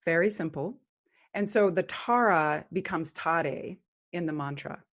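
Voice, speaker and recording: Podcast guest, woman, lowish voice, earnest spiritual talk with slow chanting. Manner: earnest, chants mantras slowly.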